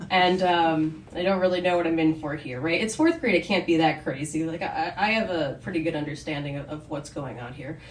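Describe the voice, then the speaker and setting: A woman's voice: low voice, a little fast, hardly any pauses, slight background noise. A woman telling a candid personal story on stage at a live story night, chatty and wry. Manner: candid, conversational, with wry asides. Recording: roomy, distant live recording.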